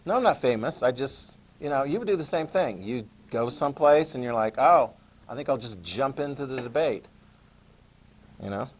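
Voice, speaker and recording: A man's voice: mid-range voice, moderate pace. American man telling a classroom story. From United States. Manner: anecdotal, talks to the class, animated retelling. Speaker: lecturer.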